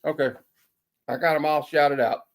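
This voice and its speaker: A man's voice: a little high, fairly even intonation, moderate pace. A man casually reviewing a comic, rambling along with many fillers and folksy sayings.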